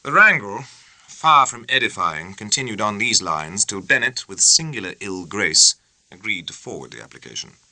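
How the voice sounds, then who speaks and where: A man, narrating a novel in a measured, clearly spoken audiobook reading. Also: low voice, big pitch swings, sharp tone, no echo, rough recording. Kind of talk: scripted narration.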